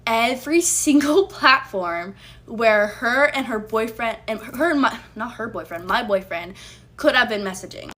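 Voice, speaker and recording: A woman's voice: a little high, pushed and bright. A woman telling a personal story in a casual storytime vlog, blunt and heated, swearing freely as she recounts it. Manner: blunt, profane, heated retelling.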